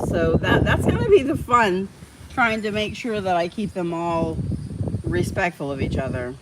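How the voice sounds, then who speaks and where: A woman's voice: mid-range voice, heavy background noise. Chatty woman hosting a live stream. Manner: chatty, reads out viewer comments, gets heated about dogs. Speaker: livestream host. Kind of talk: casual live-stream chat with viewers.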